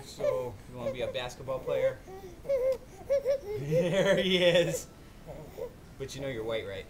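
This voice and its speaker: A man's voice: medium pitch, expressive, moderate pace, crowd noise. A man, a father, talking playfully and teasingly to his baby in a home video, laughing often.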